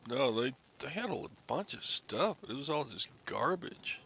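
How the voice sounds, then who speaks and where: Gravelly grumbling man on a headset. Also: medium pitch, sing-song, normal speed, lo-fi sound, a crowd in the background. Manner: grumbling, dry joking. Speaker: host of a reseller live stream. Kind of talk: casual live-stream chat.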